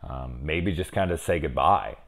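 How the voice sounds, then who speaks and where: A man hosting a casual review show, thinking aloud with many fillers and swinging between loud excited questions and low mumbles. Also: normal speed, vocal fry. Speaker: TV review host. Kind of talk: casual spoiler discussion.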